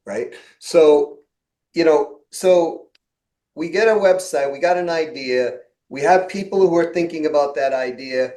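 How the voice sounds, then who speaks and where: Chatty podcast host in an echoey room. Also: male voice, mid-range voice, fairly even intonation, moderate pace, darkish tone. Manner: storytelling, acts out quoted exchanges with laughs. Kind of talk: casual podcast chat.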